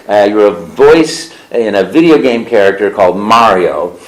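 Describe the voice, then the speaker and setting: A man being interviewed as a voice actor, telling stories in an animated way and slipping into character voices. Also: on the low side, moderate pace, few pauses, roomy sound, rough recording. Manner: lively storyteller who slips into character voices. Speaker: voice actor guest. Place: convention interview room.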